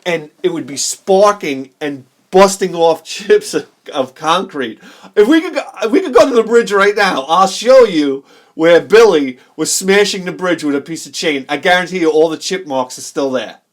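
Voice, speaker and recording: Man, forties, high-pitched, excitable, laughing, rambling collector vlog chat. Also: normal speed. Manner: rambling, excitable, laughs often, acts out quoted people. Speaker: video game collector vlogger. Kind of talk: casual storytelling while showing games.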